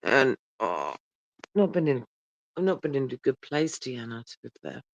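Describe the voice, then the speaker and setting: A tired, yawning man chats casually with livestream viewers, rambling and swearing as he holds his phone very close. His medium-pitched voice is animated, fairly quick and warm, with no echo. The audio is dull, lo-fi and dry, typical of a phone.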